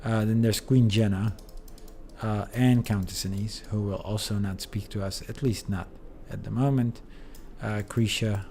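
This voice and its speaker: A man's voice: mid-range voice, mellow, slight background noise. A sleepy man streaming a video game, rambling through commentary with lots of fillers. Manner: rambling, hesitant, many fillers. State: sleepy, yawning. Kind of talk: casual let's play commentary.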